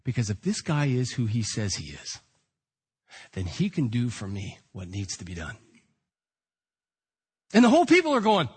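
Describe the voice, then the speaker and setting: A man preaching an animated sermon, acting out the shouting beggar and the crowd. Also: medium pitch, unhurried, long pauses, breathy edge. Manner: dramatic, acts out the shouting beggar.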